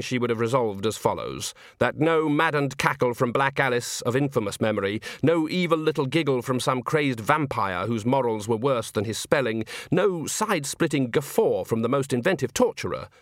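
A man's voice: medium pitch, dry recording. Male audiobook narrator, dry close sound. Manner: measured, expressive storytelling. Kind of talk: scripted narration.

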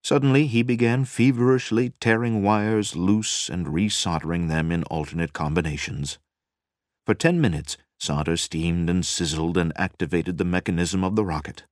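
A man narrating a story in a measured, dramatic reading style. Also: low voice, fairly even intonation, no room sound, studio quality. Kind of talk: scripted audiobook narration.

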